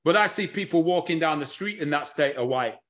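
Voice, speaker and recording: Energetic male speaker, high-pitched for a man, animated lecturing delivery. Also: fairly quick. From United Kingdom. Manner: energetic, animated presenting with audience tasks. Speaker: history and culture speaker. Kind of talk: lively lecture.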